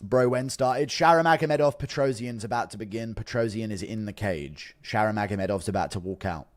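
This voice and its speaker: A man's voice: lowish voice, fairly quick, dry recording. A man streaming casually, reading out donations and joking in a wry, offhand way. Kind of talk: casual live-stream commentary.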